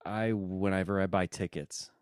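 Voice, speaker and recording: A man's voice: low-pitched, fairly even intonation, moderate pace, darkish tone, smooth, dry recording. A man in casual chat, rambling and searching for words, with a dry sense of humor.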